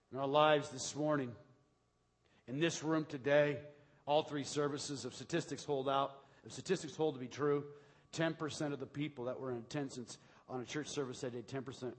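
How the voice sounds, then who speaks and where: A man preaching a sermon as pastor, going from hushed talk to shouted preaching in a large church. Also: mid-range voice. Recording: long hall reverb.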